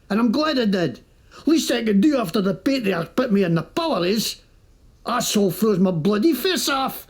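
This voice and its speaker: A gravelly fake-Scottish wasteland crook. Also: male voice, very high-pitched, full character voice. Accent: put-on Scottish. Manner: whiny, excuse-making, wheedling. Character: shifty male wasteland crook faking a Scottish brogue. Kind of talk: video game voice acting.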